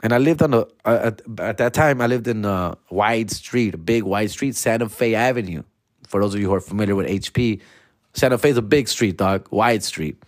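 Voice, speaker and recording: A man telling comic stories in a loose, profane, slang-filled way, slipping into animated voices. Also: on the low side, moderate pace, no echo, studio quality. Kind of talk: casual comedic storytelling.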